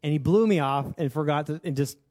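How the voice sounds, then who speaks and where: A young pastor with a slightly high, slightly mellow voice speaks a bit fast as he preaches a sermon. He tells a personal story in an earnest, confessional, conversational way, with lots of filler words.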